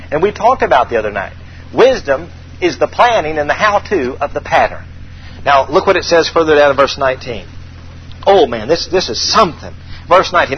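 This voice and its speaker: A male preacher giving a sermon with animated call and response and dramatic scripture reading, on a dull recording. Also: a little high, slight background noise.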